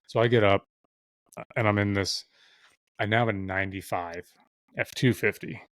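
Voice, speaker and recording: Low-voiced young man telling a rambling story. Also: steady tone, moderate pace, a bit bright, no room sound. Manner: rambling, heavy swearing, acts out quoted voices. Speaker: podcast guest. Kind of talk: casual storytelling.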